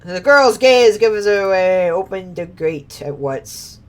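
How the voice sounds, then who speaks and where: A woman streamer talks over a game at an unhurried pace. Her pitch swings widely, and she laughs often and swears freely. She reads game lines aloud in between her own remarks. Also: lively intonation. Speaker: streamer playing a video game. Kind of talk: casual gameplay commentary.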